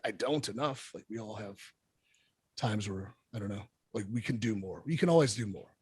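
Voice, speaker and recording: A husky man with a fairly low voice tells stories in a casual interview. He is blunt and animated and swears freely. The sound is close and dry. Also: moderate pace, no echo. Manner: blunt, profane, animated storyteller. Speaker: wrestler guest.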